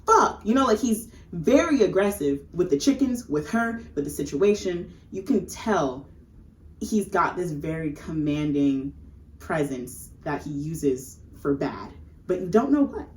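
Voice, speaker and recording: A woman's voice: a little slow, roomy sound, poor audio. A woman co-hosting a podcast, animatedly retelling a film's plot and acting out the characters. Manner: animated storyteller, acts out characters in high voices. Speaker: podcast co-host. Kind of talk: casual movie recap chat.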